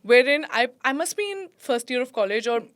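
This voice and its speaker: A woman's voice: sits high, lively intonation, brisk, a bit bright. A woman from Delhi with an Indian English accent, chatting animatedly as a podcast guest, laughing often and slipping into Hindi. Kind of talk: casual podcast chat.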